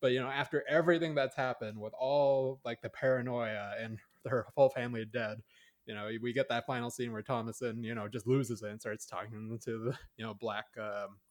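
A man's voice: medium pitch, fairly even intonation, a little fast. A man co-hosting a casual podcast, rambling through a film review with many fillers and restarts. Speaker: podcast co-host.

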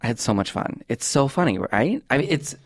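A man hosting a comedy podcast, chatting in a rambling, animated way on a close studio mic. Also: mid-range voice, a little fast, creaky, dry recording. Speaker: podcast host. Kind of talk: casual comedic chat.

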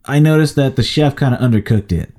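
Mellow-voiced young man rambling casually. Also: medium pitch, fairly quick. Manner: rambling, filler-heavy storytelling. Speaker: podcast co-host. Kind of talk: casual chat.

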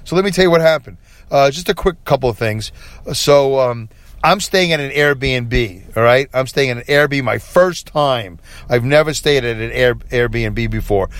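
A man's voice: medium pitch, moderate pace, no echo. A tired middle-aged man hosting a late-night solo podcast, talking candidly and rambling with many fillers and restarts. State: tired, yawning. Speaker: podcast host.

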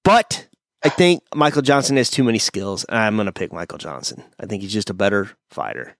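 A man's voice: lowish voice, lively intonation, brisk, no echo, clean studio sound. A man hosting a podcast, chatting casually and bluntly about fight picks over a video call. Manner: blunt, opinionated, talks through fighters' records. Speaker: podcast host. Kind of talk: casual fight-pick chat.

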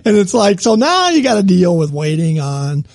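A man's voice: high-pitched, very animated, normal speed, dry recording. A man co-hosting a casual chat show, asking rambling questions and restarting his sentences often. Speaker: podcast co-host.

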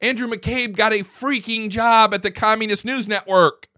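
A man's voice: high voice, steady tone, normal speed, bright, forceful tone, no room sound, studio quality. A man hosting a political commentary show, ranting indignantly, swearing freely and stumbling over repeated words when worked up. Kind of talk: opinionated political monologue.

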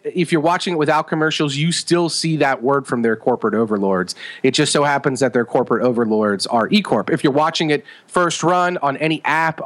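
A man co-hosting a casual chat, retelling scenes with animated enthusiasm and lots of fillers. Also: fairly high pitch. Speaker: podcast co-host.

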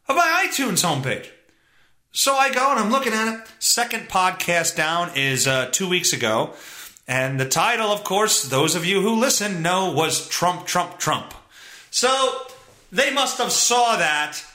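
A man's voice: a little high, sharp tone. A man hosting his own podcast, rambling through a sarcastic, profane comedic monologue. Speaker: podcast host. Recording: roomy echo.

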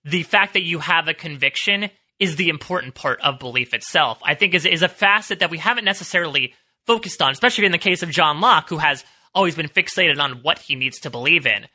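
Casting note: man with a bright, slightly high voice for a reflective podcast co-host who thinks aloud. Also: brisk. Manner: thoughtful, hedging, many restarts. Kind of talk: casual TV recap analysis.

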